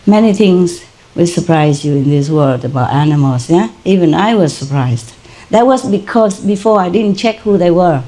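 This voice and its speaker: A woman's voice: lowish voice, animated, moderate pace, dark tone. An older woman with a Vietnamese accent, a native speaker of Vietnamese, telling a personal story in an informal spiritual talk and laughing often. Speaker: spiritual teacher.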